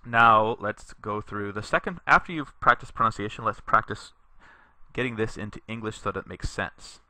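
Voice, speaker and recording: A man teaches a Latin lesson in a recorded tutorial, reading each sentence slowly so learners can repeat it. His voice sits a little low yet sounds very bright. The sound is dry and close, with no room around it. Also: dry recording. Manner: slow, deliberate reading aloud for learners to repeat; explanatory, patient, with fillers.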